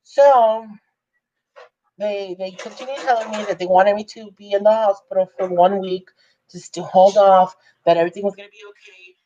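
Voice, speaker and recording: A young adult woman telling a personal story in a casual, chatty way, jumping up in pitch when she quotes people. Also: moderate pace, dull audio, slight background noise. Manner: chatty, animated when quoting others. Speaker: vlogger.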